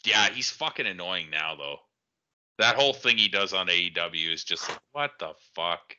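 Low-voiced man with a sharp, bright edge. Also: expressive, moderate pace, clear, resonant tone, muffled recording. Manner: blunt, profane, laughs often. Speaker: podcast co-host. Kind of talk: casual wrestling review chat.

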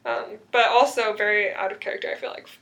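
A woman's voice: mid-range voice, steady tone, fast, a bit bright. A young woman chatting casually, recapping a TV episode and acting out quotes with sarcasm.

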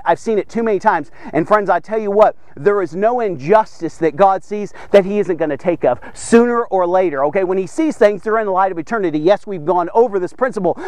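A man preaches a devotional in a very high, fervent voice, repeating phrases for emphasis and calling out to his listeners. The recording is dry and close, with no room sound. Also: no room sound. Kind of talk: energetic devotional sermon.

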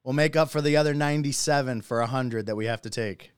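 A man hosting a casual live-streamed podcast, chatty and excitable, laughing often. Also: mid-range voice, fast, clear, resonant tone, dry recording, clean studio sound. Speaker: podcast host. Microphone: phone or computer mic on a live stream.

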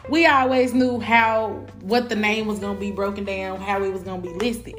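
Animated woman telling a story. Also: medium pitch, normal speed, music in the background. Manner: animated, profane and frank. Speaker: vlogger. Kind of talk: casual storytime.

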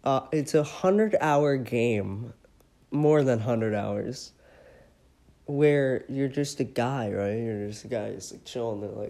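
A man rambling excitably and casually about his favorite video games, with frequent giggles. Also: mid-range voice, slow pace, vocal fry. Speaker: vlogger. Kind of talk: casual enthusiastic chat.

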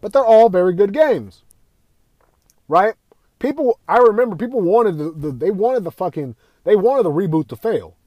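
Young dude on a podcast, heated rant, tons of swearing, higher voice. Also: male voice, expressive, moderate pace, no echo, lo-fi sound. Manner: heated, swearing, repeats himself, rhetorical questions. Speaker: podcast host. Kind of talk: profane opinion rant.

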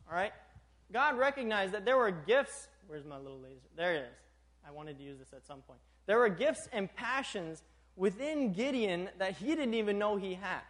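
A young adult man preaching a sermon, animated, chuckling often and checking in with the congregation. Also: high voice, normal speed.

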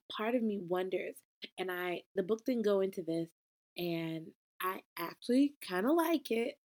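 Animated young woman reviewing a book. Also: mid-range voice. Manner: expressive, animated, talks back to the book. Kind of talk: casual book review talk.

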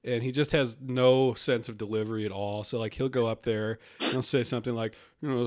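A man's voice: medium pitch, fairly even intonation, a little fast, hardly any pauses. A man co-hosting a comedy podcast, talking in a rambling, casual way and laughing often. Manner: rambling, laughs often, quotes people in put-on voices. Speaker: podcast co-host.

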